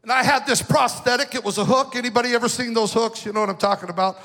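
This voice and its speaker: Man, pastor, very high bright voice, storytelling sermon, sing-song swells, long hall reverb. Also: fairly even intonation, fast talker. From western United States.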